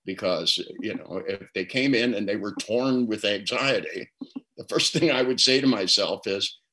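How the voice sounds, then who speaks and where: A man's voice: lowish voice, normal speed, bright, forceful tone, low-quality recording. An older man speaking as a guest therapist, telling reflective stories in an interview and often repeating words as he starts a thought. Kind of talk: storytelling interview answer.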